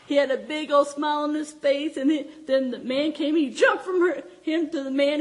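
A middle-aged woman preaching to her congregation with a high voice. She tells her stories warmly and with feeling, her voice lifting and sinking, and she often breaks into laughter. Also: moderate pace, hardly any pauses. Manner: heartfelt, animated storytelling with frequent laughs. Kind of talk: sermon with personal stories.

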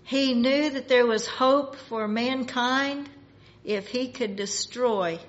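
A woman preaching a sermon in a slow, measured way, rising in force for emphasis. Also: a little high, lo-fi sound.

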